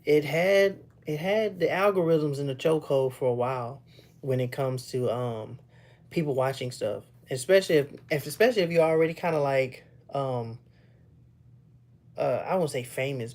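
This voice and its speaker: A young man with a rather high-pitched voice, chatting casually with viewers on a livestream and laughing often. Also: a little mellow. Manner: laughs often, loose and playful, teases chat. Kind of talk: casual live chat.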